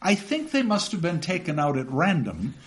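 A man's voice: on the high side, wildly swooping pitch, normal speed. A man lecturing on a novel and reading passages aloud, with chatty asides that end in "okay?".

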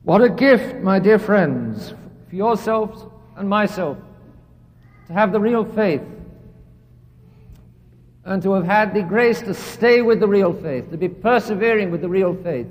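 A man with a high voice delivers an earnest sermon, repeating his phrases for emphasis. His words ring out with a long reverb, as in a church. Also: lively intonation, measured pace, pauses often. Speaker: preacher.

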